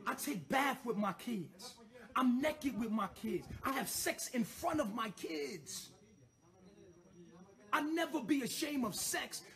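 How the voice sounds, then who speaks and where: A man's voice: very high-pitched, lively intonation, takes it slowly, a bit bright. A man talking in a blunt, boastful, slangy monologue.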